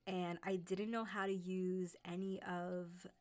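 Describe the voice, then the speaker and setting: A woman's voice: lowish voice, little pitch movement, takes it slowly. A woman with a light New York accent, chatting casually with viewers on a livestream, with many "like" and "um" fillers. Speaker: host of a horror narration channel.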